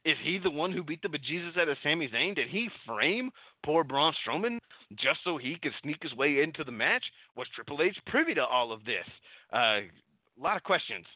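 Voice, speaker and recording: A man's voice: on the high side, very animated, moderate pace, no echo. A man hosting a wrestling recap show, rambling casually and sarcastically, with frequent swearing. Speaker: podcast host recapping wrestling. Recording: dry, thin phone-like audio.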